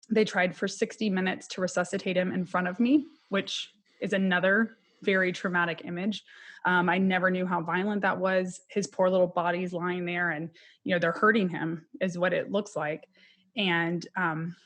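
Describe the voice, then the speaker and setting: A woman, a criminologist and podcast guest, telling a personal loss story in an earnest, candid and emotional way. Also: on the low side.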